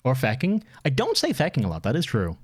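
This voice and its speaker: A young man with an Irish accent talks fast on a stream, his medium-pitched voice swinging hugely in pitch. It's casual chat about community submissions, full of rambling, self-deprecating jokes and frequent laughter.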